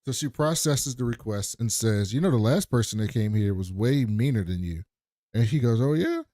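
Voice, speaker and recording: A man's voice: on the low side, moderate pace, warm tone, dry recording, studio quality. A man co-hosting a podcast, retelling a TV episode in casual chat and slipping into quoted voices. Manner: retells scenes with quoted voices, trailing and restarting. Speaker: podcast co-host.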